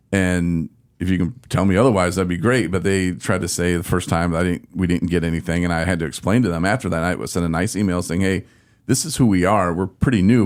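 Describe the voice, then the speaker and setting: Hosting a laid-back podcast conversation, a man with a low voice recounts his story in an animated, exasperated way, performing his own quotes as he goes.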